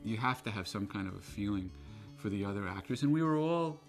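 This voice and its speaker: Gravelly-voiced male actor. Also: lowish voice, lively intonation, brisk, faint music behind. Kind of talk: interview recollection.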